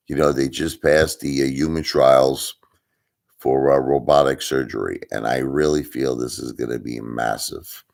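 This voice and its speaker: Male stream host with hiccups, very low and gravelly, loose rambling delivery. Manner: rambling, with restarts, answering chat. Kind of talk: casual live stream chat.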